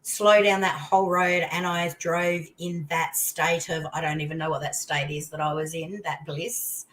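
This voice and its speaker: An older woman with an Australian accent, a guest on an interview show, telling a personal story in casual chat with excited outbursts. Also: low-pitched, normal speed, low-quality recording. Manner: animated storytelling, voice leaping into exclamations.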